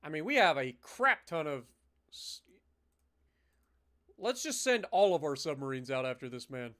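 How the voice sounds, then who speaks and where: A man thinking aloud in casual commentary on a live strategy game, his throat a little rough and often cleared, with the odd curse. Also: on the high side, lively intonation, moderate pace, a bit bright. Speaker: game streamer.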